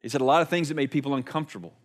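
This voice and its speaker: Addressing his congregation conversationally, a pastor with an ordinary male pitch delivers a sermon built on rhetorical questions. He talks very fast, moving between emphatic stretches and hushed, quiet passages.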